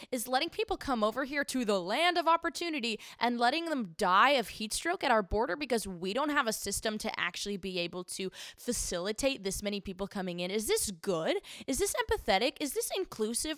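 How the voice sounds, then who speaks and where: A woman's voice: medium pitch, fairly bright tone, clean tone, no echo, clean studio sound. A young woman delivering indignant, sarcastic political commentary with rhetorical questions. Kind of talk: opinionated commentary monologue.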